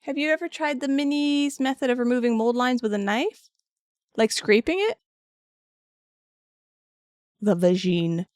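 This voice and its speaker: A woman chats through a craft stream, rambling and restarting her sentences as she replies to her viewers. Her voice sits a little high, and the sound is dry, with no room echo. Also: lively intonation, a little slow, long pauses, darkish tone. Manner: chatty and rambling, answering chat with frequent restarts. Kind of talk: casual chat while sculpting and painting.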